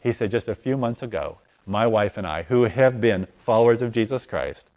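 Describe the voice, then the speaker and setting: A man telling a story in conversation, acting out the dialogue as his voice swings from loud to hushed. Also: lowish voice, normal speed. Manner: animated, acts out dialogue with voice rising and falling. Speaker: guest telling a testimony.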